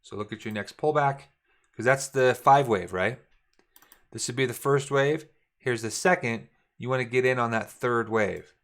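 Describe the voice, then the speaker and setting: Middle-aged male trading instructor, easygoing, repeats key points, mid pitch. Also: normal speed. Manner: casual, repetitive, talks while drawing charts. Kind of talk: screen-share trading lesson.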